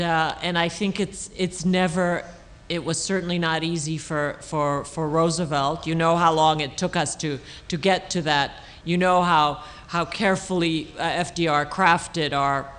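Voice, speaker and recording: A woman author answering audience questions on a panel at a public talk, thoughtful and halting, with many restarts and fillers. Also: low voice, fairly even intonation, fairly bright tone. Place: auditorium stage.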